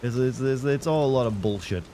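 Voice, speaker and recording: A man's voice: mid-range voice, brisk, mellow, a little hiss or hum. A young man streaming a video game, joking and rambling in a casual, playfully mocking way. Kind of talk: casual live-stream commentary.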